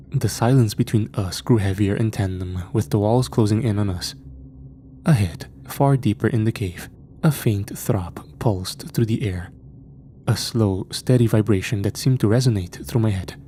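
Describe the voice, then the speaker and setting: A man narrating a scripted horror story at a slow, measured pace. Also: on the low side, mellow, slight background noise. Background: faint music.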